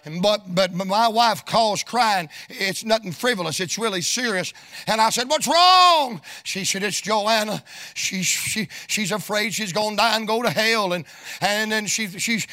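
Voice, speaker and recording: High, bright-voiced preacher man. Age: middle-aged. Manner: folksy, sing-song preaching cadence that rises into shouts. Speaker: evangelist preacher. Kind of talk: sermon storytelling.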